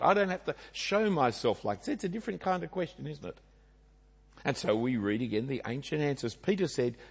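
A man's voice: medium pitch, husky. An Australian man preaching a sermon in a conversational way, with rhetorical asides and tag questions. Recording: long hall reverb.

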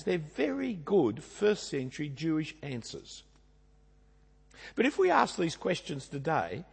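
Australian male preacher, husky, conversational sermon in a reverberant church hall. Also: on the high side, a little mellow. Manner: conversational, rhetorical asides and tag questions.

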